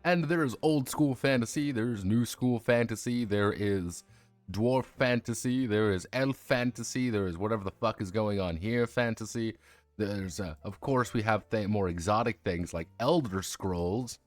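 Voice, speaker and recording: A man with a somewhat low voice chats casually on a home livestream. He rambles and jokes at his own expense, often restarting his sentences. The sound is dry and close, with faint music underneath. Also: measured pace, dry recording. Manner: rambling, jokey and self-mocking, with frequent restarts. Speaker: streamer discussing tabletop games.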